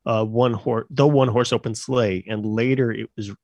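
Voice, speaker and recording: A man's voice: mid-range voice, fairly even intonation, moderate pace, a little mellow, no room sound. A man co-hosting a casual podcast, rambling through explanations with fillers and laughing easily. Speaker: podcast co-host.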